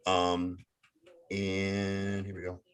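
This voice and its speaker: Halting low-voiced man hosting sports talk. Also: monotone, clear, resonant tone. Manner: halting, stumbles and restarts often. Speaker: sports podcast host.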